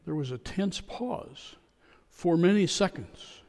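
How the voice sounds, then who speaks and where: A man preaching a sermon as a pastor, telling a story with a joke in a calm, measured way. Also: sits high. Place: church sanctuary. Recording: long church reverb.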